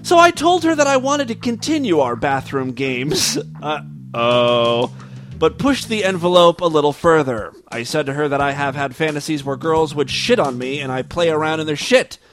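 A man with a fairly high-pitched voice reads a listener-submitted story aloud on his podcast. He stops now and then for wry comments. Soft music plays faintly in the background. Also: lively intonation, moderate pace. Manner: wry asides between read passages. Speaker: podcast host.

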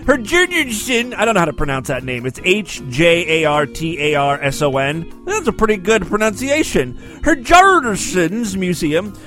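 Man, high animated voice, sarcastic news-reading host, faint music behind. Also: normal speed, few pauses. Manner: sarcastic, joking, stumbles over foreign names. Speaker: podcast host. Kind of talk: reading news stories with comic asides.

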